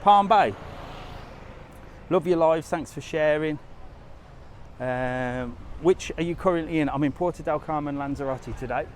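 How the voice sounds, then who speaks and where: A man's voice: a little high, measured pace, long pauses, slight background noise. Chatty man on a walking live stream. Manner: chatty, easygoing, talks straight to viewers. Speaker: travel vlogger and live-stream host. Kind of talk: casual live walking tour, reading viewer comments. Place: outdoors on a resort street, walking.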